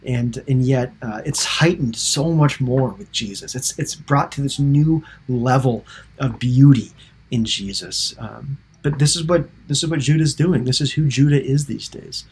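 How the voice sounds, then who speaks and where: A man's voice: medium pitch, unhurried, a little mellow, husky. A man teaching a Bible study, talking earnestly and often restarting his sentences as he retells scripture. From United States. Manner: earnest, with frequent restarts and emotive paraphrase of scripture.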